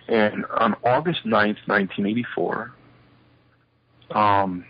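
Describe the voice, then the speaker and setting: A lower-pitched older man with a husky, breathy edge spins stories about his past and acts out the lines of the people in them. The recording is a little muffled and lo-fi. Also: dry recording. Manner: animated storyteller acting out quoted dialogue. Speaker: interview guest. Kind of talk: shoot interview storytelling. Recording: slightly muffled lo-fi interview audio.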